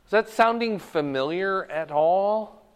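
Male Bible teacher, clear resonant voice, keeps checking in with the class. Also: sits high, slow, big-room sound.

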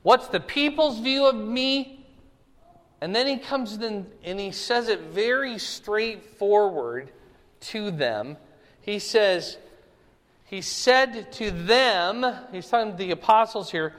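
Slightly high-voiced man teaching Bible study. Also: lively intonation, measured pace, a bit bright, in a large hall. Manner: conversational, often checks in with "right?" and "okay?".

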